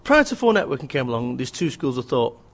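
A man's voice: medium pitch, sing-song, quick pace. A man, an author and business speaker, giving a blunt, emphatic, joking rant in an interview.

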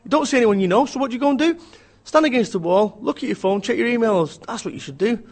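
This is a man with a fairly high voice, talking in an energetic, blunt interview style. He rants about business and throws in quick mocking impressions of other people. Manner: blunt, ranting, mimics voices. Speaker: author and business speaker.

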